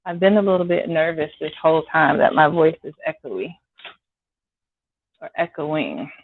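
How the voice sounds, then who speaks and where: A woman's voice: deep voice, normal speed, vocal fry, no echo. Woman, home cook on a live stream, chatty and apologetic, scratchy throat, thin phone-like sound, dry. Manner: chatty, talks to viewers by name, apologetic. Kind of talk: casual live-stream chat while cooking. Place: home kitchen.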